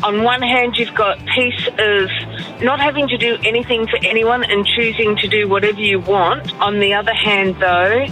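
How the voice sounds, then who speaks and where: A man's voice: high voice, steady tone, moderate pace, sharp tone, faint music behind, rough recording. A man in his thirties giving a thoughtful vox-pop opinion.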